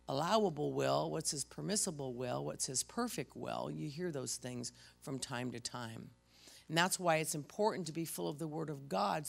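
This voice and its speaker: A woman pastor giving a conversational sermon, telling personal stories and sometimes dropping to a hush for effect. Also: low voice, vocal fry.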